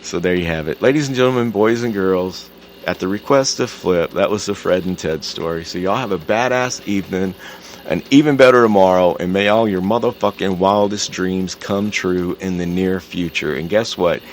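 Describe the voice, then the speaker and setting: A man's voice: low voice, normal speed, slight background noise. A man hosting his own podcast, talking casually and telling a joke with a laid-back, profane drawl. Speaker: podcast host.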